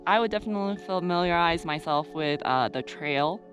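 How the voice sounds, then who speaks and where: A woman's voice: fairly low pitch, lively intonation, a little fast, over music. A young woman vlogging while hiking a mountain trail, chatting playfully to the camera with plenty of fillers, at times out of breath. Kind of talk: casual vlog while hiking.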